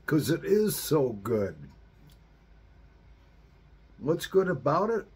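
A middle-aged man hosting a relaxed vlog as he smokes his pipe, murmuring slow, savoring remarks between puffs. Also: medium pitch, creaky, husky. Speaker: pipe smoking channel host.

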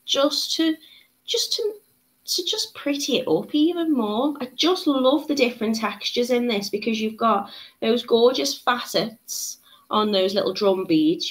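A woman hosting a live beading tutorial, chatting casually and reading out viewer comments with frequent little laughs. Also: a little high. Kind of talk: casual live-stream chat.

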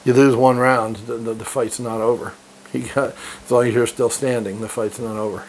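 A man's voice: medium pitch, little pitch movement, normal speed, slight background noise. Brash profane man reading and ranting. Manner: brash, profane, fired-up, laughs often. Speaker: reader and commentator. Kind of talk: reading aloud with profane motivational commentary.

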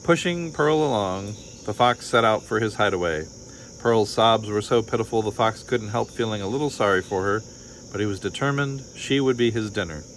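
Man calmly reading a storybook. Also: lowish voice, normal speed, a little hiss or hum, poor audio. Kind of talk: reading a picture book aloud.

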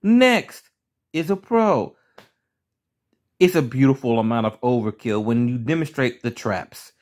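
Animated, foul-mouthed male show reviewer. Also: mid-range voice, measured pace. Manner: profane, ranting and blunt. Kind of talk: casual pros-and-cons video review.

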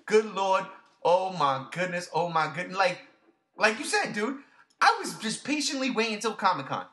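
Bright-voiced, gushing podcast host man. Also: high voice, lively intonation, normal speed. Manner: gushing, swears freely, repeats himself. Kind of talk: excited casual podcast chat.

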